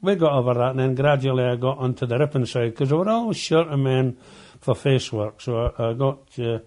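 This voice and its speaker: A former coal miner, now older, shares memories for an oral history interview. His medium-pitched voice has a darkish tone, and his storytelling is halting with frequent repeated words.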